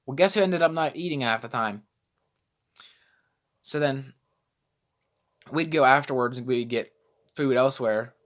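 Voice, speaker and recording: A man's voice: medium pitch, a little slow, long pauses. A young man vlogging casually, rambling and self-deprecating as he loses his train of thought. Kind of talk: casual vlog storytelling.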